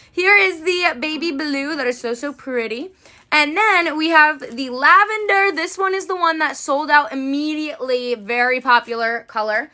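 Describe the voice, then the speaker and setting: A woman's voice: high-pitched, moderate pace, sharp tone. A woman hosting her shop's livestream, chatting enthusiastically as she shows products. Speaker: shop owner hosting a livestream. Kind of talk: casual live product showcase.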